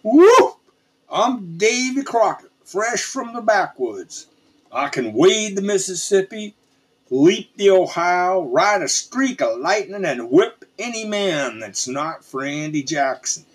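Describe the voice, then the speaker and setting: A loud, boastful backwoods frontiersman whoops and brags in a folksy drawl, as a man reading a storybook puts him on. The voice is husky and sits a little high, with a slow, hearty swing. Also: sing-song, heavily acted.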